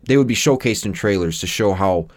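A young man co-hosting a casual movie-review podcast, jokey and laughing often, quick to apologize. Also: fairly low pitch, lively intonation, a little mellow, a little hiss or hum. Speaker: podcast co-host.

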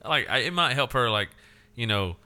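A man's voice: medium pitch, lively intonation, moderate pace, pushed and bright. A man co-hosting a crude, casual podcast, rambling with lots of fillers and swearing. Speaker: podcast co-host.

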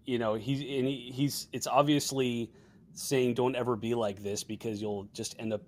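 A man co-hosting a casual podcast chat, relaxed and trailing off quietly at the end of his thoughts. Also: medium pitch, normal speed. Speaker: podcast co-host.

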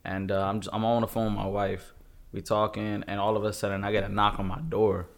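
Low-pitched male trucker, easygoing storyteller, laughs mid-story. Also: fairly quick, gravelly. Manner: animated, laughs through his stories. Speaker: podcast co-host, truck driver. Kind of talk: casual storytelling chat.

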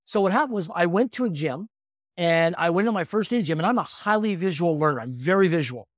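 Man in his fifties, podcast guest, quick and lively storytelling, slightly high voice, dry sound. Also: no room sound. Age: 50s. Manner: energetic, animated storytelling. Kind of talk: storytelling in conversation.

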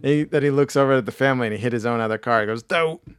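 A man with a hoarse, failing voice, casually recapping a cartoon episode with laughs and restarts. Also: medium pitch, steady tone, very fast, no echo, clean studio sound. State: hoarse, losing his voice. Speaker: podcast host. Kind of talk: casual chat.

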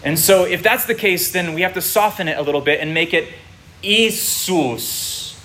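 A man's voice: high voice, fast talker, a bit bright. A man preaching to his congregation, explaining patiently and checking in with his listeners. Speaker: pastor teaching a congregation. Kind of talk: sermon. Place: congregation room.

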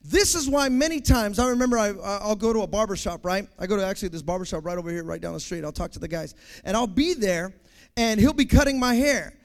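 A man preaching a sermon, acting out everyday scenes with lively sound effects and asides. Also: quick pace. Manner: animated, acts out scenes, sound effects like boom.

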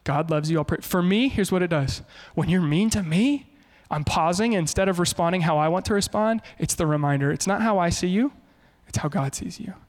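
A male pastor preaching a sermon in an animated way, often slipping into quoted voices. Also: high voice, fairly quick, few pauses, long reverb tail.

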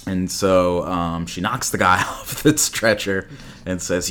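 A man's voice: low-pitched, steady tone, takes it slowly, a bit bright. A man co-hosting a casual movie review chat, retelling scenes with sarcasm and mock voices. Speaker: podcast co-host.

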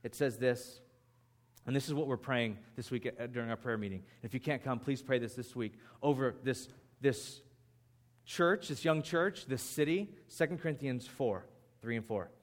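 A man preaching a sermon as pastor, in an animated, conversational way. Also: mid-range voice, normal speed.

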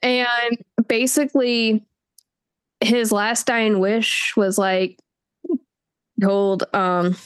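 A woman co-hosting a book review chat, talking casually and acting out her reactions with quick put-on voices. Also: fairly high pitch, little pitch movement, clear, resonant tone. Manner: chatty, acts out reactions in quoted voices. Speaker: book podcast co-host.

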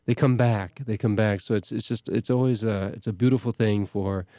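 A middle-aged man, a parish priest hosting a show, talking casually in a halting way with many restarts and fillers. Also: on the low side, fairly even intonation, dark tone, no room sound, clean studio sound. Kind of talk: casual talk.

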